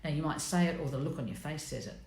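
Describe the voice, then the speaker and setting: A woman's voice: low-pitched, fast, gravelly, a little mellow. A middle-aged woman hosting a live stream, chatting bluntly and with self-mockery, greeting her viewers by name. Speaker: host of a personality coaching live stream. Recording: echoey room.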